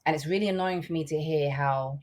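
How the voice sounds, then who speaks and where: Low-pitched woman co-host, blunt and animated, casual podcast chat. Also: brisk. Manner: frank, blunt and animated, with swearing.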